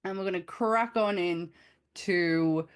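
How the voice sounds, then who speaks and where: A woman co-hosting a podcast in a casual chat, lively and quick to laugh. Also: on the low side, clear, resonant tone. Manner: lively, laughs often, exclaims. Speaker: podcast co-host.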